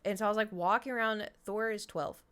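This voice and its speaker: A woman's voice: medium pitch, fast, fairly bright tone, clear, resonant tone. Chatty woman telling stories. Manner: chatty storytelling with sound effects and whispered swearing. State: voice slightly strained. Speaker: streamer. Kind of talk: casual chat to a live stream audience.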